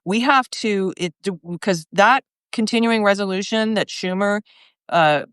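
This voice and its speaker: Fiery, profane woman with a smooth voice. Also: medium pitch, a little slow, fairly bright tone, no echo, clean studio sound. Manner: angry, profane, emphatic. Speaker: podcast guest. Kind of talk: heated political discussion.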